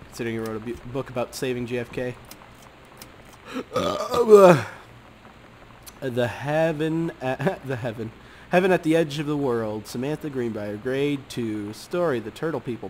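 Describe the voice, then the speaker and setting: A man's voice: mid-range voice, creaky, darkish tone, slight background noise. A man giving casual gameplay commentary, muttering offhand remarks, humming, swearing and reading items aloud. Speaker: game commentator.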